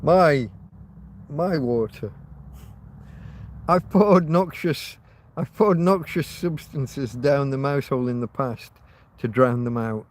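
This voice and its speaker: A man's voice: mid-range voice, slow pace, long pauses. A man hosting a casual livestream, rambling and chatting to his viewers with frequent restarts. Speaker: livestream host.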